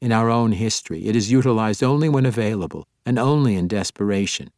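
A man voicing a proud elf priestess woman in an audiobook, speaking in a measured, solemn and formal way. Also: lowish voice, a little mellow, dry recording, studio quality, close to an everyday voice.

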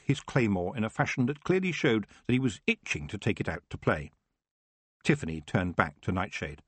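Husky low-voiced male narrator, expressive. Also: normal speed, dry recording. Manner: expressive storytelling. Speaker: audiobook narrator. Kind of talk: scripted narration.

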